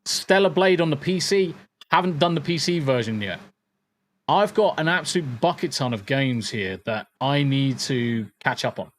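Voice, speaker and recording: A man's voice: a little high, expressive, moderate pace. Swearing, rambling man hosting a podcast. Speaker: podcast host. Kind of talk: casual chat. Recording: air conditioner crackle behind the voice.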